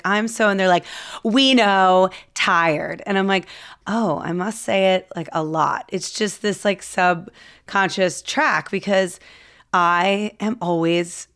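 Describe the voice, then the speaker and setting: Casting note: woman host, thirties, low-pitched, loose self-mocking monologue full of fillers. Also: a bit bright, clear, resonant tone. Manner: chatty, self-deprecating, lots of fillers. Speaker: podcast host. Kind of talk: casual podcast intro monologue.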